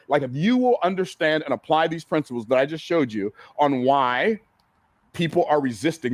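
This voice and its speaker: A man's voice: mid-range voice, no room sound. Emphatic male coach teaching a room. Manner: emphatic, repeats key phrases, asks the audience questions. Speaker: business coach speaking on stage. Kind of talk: seminar teaching talk. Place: event room with a live audience.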